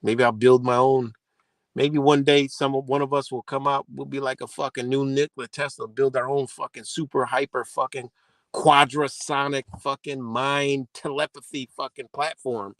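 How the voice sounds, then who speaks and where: A man rambles casually to his livestream audience, swearing freely as he drifts from thought to thought. His voice has a gravelly, creaky texture at a middle pitch. The sound is dry and close, with no room around it. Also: flat delivery, normal speed, no room sound. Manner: loose, profane, conversational. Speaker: livestream host.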